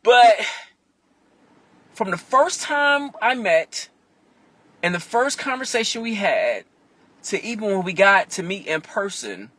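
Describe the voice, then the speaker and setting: A man tells a frank, profane story from inside his car, animated and expressive. His voice sits a little high, with a sharp, bright edge and a husky grain. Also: slow pace, long pauses. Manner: animated and profane, acts out other people's voices. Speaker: vlogger. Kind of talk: candid storytelling monologue.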